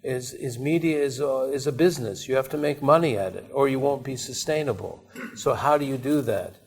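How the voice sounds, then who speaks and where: A man's voice: mid-range voice, fairly quick, husky. A man giving a conversational talk at a university, telling anecdotes in a rambling way with frequent restarts and asides. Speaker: invited speaker. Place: university seminar room.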